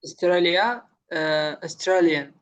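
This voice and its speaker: A man's voice: a little high, slow, a bit bright. A male student answering his tutor hesitantly, often starting with uh.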